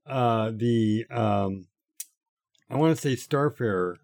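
A man's voice: mid-range voice, takes it slowly, a little mellow. A man hosting a podcast, reading the script in casual chat and laughing at his own slips. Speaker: podcast host.

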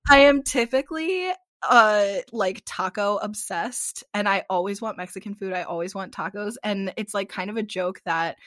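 A woman's voice: medium pitch, normal speed, a bit bright, no room sound, studio quality. A woman co-hosting a podcast, chatting casually and filling her talk with lots of "like" fillers. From Arizona transplant. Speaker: podcast co-host. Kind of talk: casual chat.

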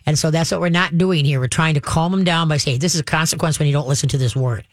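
A woman's voice: deep voice, fast talker, no echo. Woman, dog trainer host, direct coaching, keeps checking "okay?", dry sound. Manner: direct, instructive, acts out calm dog commands; frequent checks like "okay?" and "all right?". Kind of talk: casual advice to a caller.

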